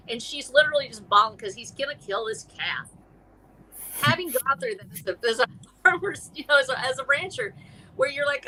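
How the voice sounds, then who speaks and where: A middle-aged woman, chatting as a guest author on a live stream, rambling and animated with many restarts. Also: high voice, fast talker, slight background noise, poor audio. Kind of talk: casual chat.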